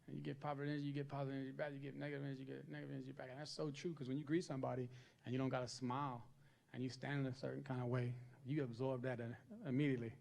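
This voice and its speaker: A man's voice: mid-range voice, little pitch movement, rapid-fire, vocal fry, a little mellow. A man doing a stand-up comedy set on stage, chatting and checking in with the crowd for agreement. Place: stage at a live comedy event.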